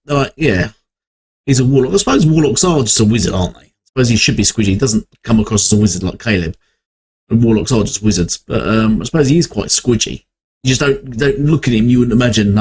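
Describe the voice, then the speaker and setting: A young man hosts a reaction video, giving casual commentary as he rambles and corrects himself while thinking aloud. His voice is lowish and darkish in tone, with a little hiss or hum.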